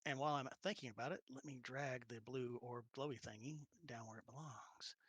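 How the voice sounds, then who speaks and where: A man's voice: medium pitch, a little fast, fairly bright tone, dry recording. A man running a tabletop role-playing game as game master, narrating the action animatedly, laughing often and acting out little sounds.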